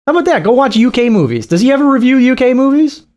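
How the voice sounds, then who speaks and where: Animated, mocking male reaction streamer. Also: extremely high pitch, fast, dull audio. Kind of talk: reaction commentary.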